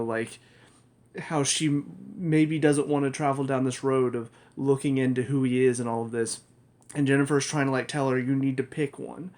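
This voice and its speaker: A man's voice: medium pitch, darkish tone. A man giving a casual spoken review of a TV show, rambling, correcting himself and laughing often.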